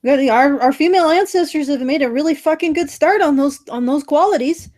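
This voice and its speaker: A woman's voice: sits high, a little fast, a little mellow. A woman co-hosting a podcast in casual chat, blunt, sarcastic and profane. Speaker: podcast co-host.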